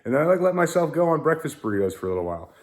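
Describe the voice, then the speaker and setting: A man's voice: a little high, very animated, very fast. Joking young man in a garage. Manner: joking, self-mocking, rambling. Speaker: car-build vlogger. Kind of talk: casual garage vlog. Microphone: phone.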